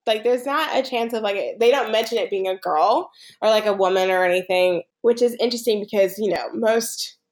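A woman's voice: a little high, fairly quick, hardly any pauses, a little mellow. A woman co-hosting a podcast, casually recapping a film, rambling with a lot of "like" and frequent laughter. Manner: rambling, laughs often, heavy use of "like". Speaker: podcast co-host.

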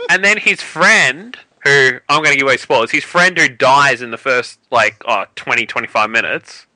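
A man's voice: mid-range voice, lively intonation, pushed and bright, no room sound, poor audio. A man, co-hosting a podcast and ranting sarcastically in a casual film review. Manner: ranting, sarcastic, quick asides. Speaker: podcast co-host.

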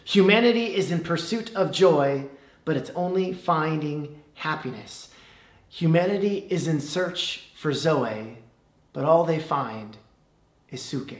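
A man preaching a sermon as pastor, with an emphatic, measured delivery and dramatic pauses. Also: on the high side, echoey room. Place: church.

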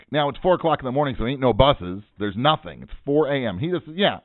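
A man's voice: medium pitch, lively intonation, fast, few pauses, dry recording. A man, a financial advisor and podcast host, telling a story in a casual, joking, self-mocking way. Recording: dry, tinny phone-like sound.

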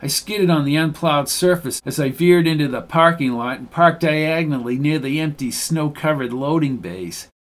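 A man's voice: fairly high pitch, normal speed, hardly any pauses. A man narrating a first-person audiobook in a wry, hard-boiled storytelling manner.

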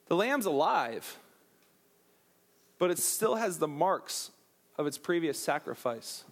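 High-voiced man preaching with animated energy. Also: slow pace. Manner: animated, jokey asides to the crowd. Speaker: pastor. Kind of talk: sermon.

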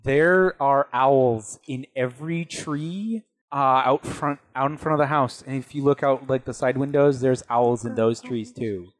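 A man's voice: mid-range voice, measured pace. A man narrating as game master, rambling with many fillers.

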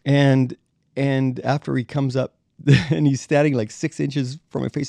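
A middle-aged man, a bassist and podcast guest, telling animated stories, acting out quotes and chuckling as he goes. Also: moderate pace, vocal fry, no room sound. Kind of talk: anecdotal storytelling in conversation.

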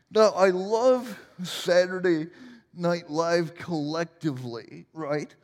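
A man's voice: high voice, big-room sound. A man in his forties preaching a sermon as pastor, playful and joking at his own expense. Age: 40s. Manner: playful, self-deprecating humor.

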